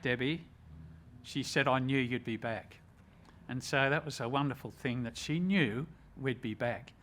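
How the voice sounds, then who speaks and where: An older man with an Australian accent, a retired rescue officer and ambulance chaplain, telling a personal story in an earnest, measured and reflective way. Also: medium pitch, fairly bright tone.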